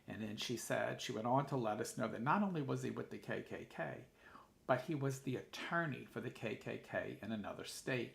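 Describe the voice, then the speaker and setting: A man's voice: medium pitch, fairly quick, creaky, roomy sound. A man hosting a live podcast, chatting casually and telling stories with lots of restarts. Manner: chatty storytelling with many restarts. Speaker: podcast host and medium. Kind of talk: casual live-stream chat.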